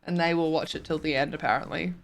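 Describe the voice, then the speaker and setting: A woman's voice: low voice, fairly even intonation, fast talker. A young woman streamer chatting casually as she reads and answers viewer messages, often giggling.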